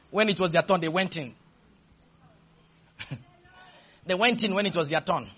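A man preaching a fervent sermon, shouting at times and leading the congregation in call-and-response. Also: high voice, lively intonation, a little slow, breathy edge.

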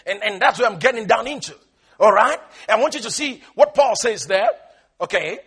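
A man preaching a sermon as pastor, emphatic and calling on his listeners to repeat after him, his delivery moving between shouting and quiet talk. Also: high voice, expressive, moderate pace, breathy edge. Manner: emphatic, calls on the congregation to repeat lines.

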